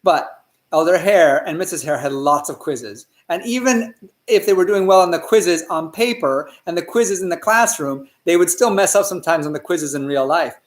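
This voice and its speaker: A male storyteller narrating a children's story in an animated way and often asking the listeners questions. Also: fairly high pitch, moderate pace, roomy sound.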